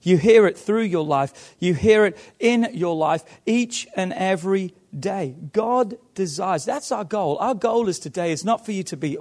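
A man preaching a sermon to his church, emphatic and swinging between loud calls and hushed passages. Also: high-pitched, animated, a little slow, hardly any pauses. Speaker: pastor.

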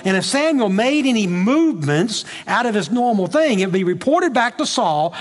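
A male pastor preaching a sermon, retelling scripture in an animated way with frequent restarts and repeated words. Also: sits high, in a large hall.

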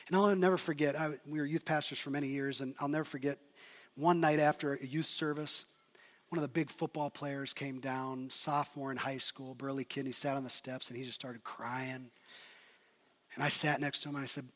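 A middle-aged male pastor preaching a sermon, swinging between loud emphatic lines and quiet, intimate asides. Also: medium pitch, flat delivery, fairly quick. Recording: long reverb of a large hall.

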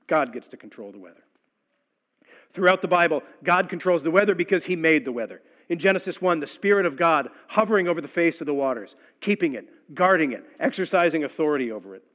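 A man's voice: on the high side, lively intonation, fast talker, fairly bright tone. A man teaching on a Bible passage in a conversational, reflective way, often asking rhetorical questions.

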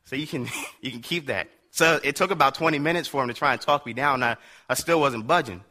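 Bright-voiced man preaching a story. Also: medium pitch, brisk. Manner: animated, laughing, slangy storyteller. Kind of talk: casual storytelling sermon.

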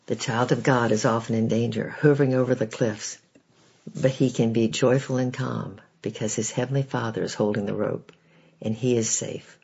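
A man reads devotional stories and Bible verses in a measured, earnest way. His voice is gravelly and a little husky. The recording sounds dull and lo-fi. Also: mid-range voice, fairly even intonation, darkish tone. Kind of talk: devotional story reading.

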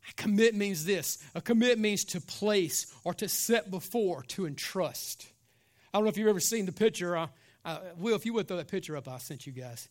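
A man preaching a sermon as pastor, animated, with call-and-response asides and casual joking. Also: sits high, normal speed.

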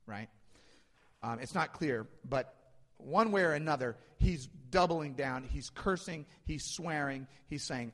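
A male pastor delivering a sermon, swinging between loud emphasis and hushed asides. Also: mid-range voice, animated, moderate pace. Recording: long hall reverb.

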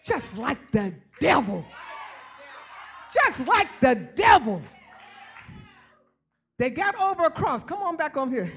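A woman preaches loudly and repetitively to a church congregation, naming members and drawing their responses. She speaks slowly in a high, sing-song voice with long pauses.

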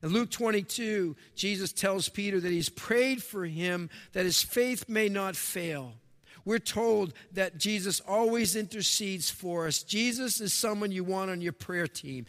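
A man preaching a sermon as pastor, swinging between emphatic raised lines and hushed, quiet ones. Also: high voice, unhurried, long reverb tail.

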